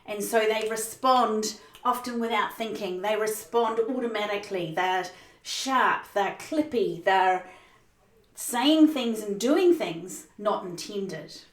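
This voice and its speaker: Woman, leadership coach, motivational teaching talk, emphatic, expressive, roomy echo, distant mic. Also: medium pitch. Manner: emphatic, expressive, speeds up and slows down for effect.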